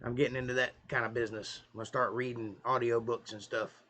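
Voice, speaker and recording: A man's voice: medium pitch, little pitch movement, quick pace, fairly bright tone, slight background noise. A man with a Southern US accent, chatting and joking with viewers on a live stream. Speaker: musician hosting a live stream. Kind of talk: casual live-stream chat.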